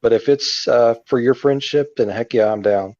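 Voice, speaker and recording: A man's voice: mid-range voice, moderate pace, darkish tone, highs cut off. A man co-hosting a casual video game chat, earnest and friendly. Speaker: co-host.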